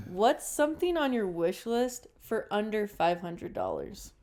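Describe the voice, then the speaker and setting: A woman's voice: medium pitch, sing-song, a little slow, hardly any pauses, darkish tone. A woman hosting a podcast, asking her guest casual questions in an upbeat way. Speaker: podcast host. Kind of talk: casual interview chat.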